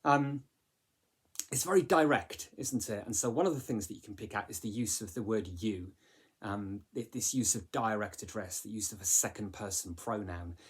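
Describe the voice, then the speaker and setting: A man's voice: lowish voice, moderate pace, breathy edge. A man teaching a literature lesson in a chatty way, with many fillers and rhetorical questions. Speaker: English teacher.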